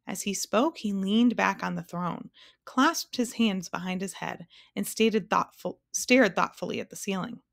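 A woman, a teacher, reading a children's novel aloud in a clear, steady storytelling voice. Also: medium pitch, measured pace. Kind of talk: storybook read-aloud narration.

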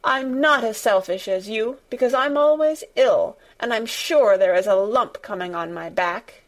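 A woman's voice: expressive, measured pace, close to an everyday voice. A woman voicing a spoiled, sickly boy who is petulant and imperious, with a sulky, sneering manner. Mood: self-pitying. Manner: sulky, sneering, shrill when angry.

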